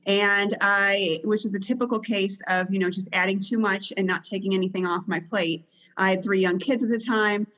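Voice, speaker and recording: A woman podcast guest talks through her story in a reflective, conversational way, now and then pausing to find her words. Her voice comes through slightly dull and muffled, as on remote audio. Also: medium pitch, fairly even intonation, a bit bright. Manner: conversational, reflective, some hesitations. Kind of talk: casual interview talk.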